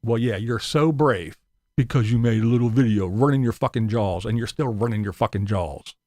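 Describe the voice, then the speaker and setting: A male YouTuber's angry vlog rant is thick with swearing and jabs at his critics, whom he imitates in a mocking high pitch. His voice is a little mellow and moderately paced, captured as clean studio audio with no room sound.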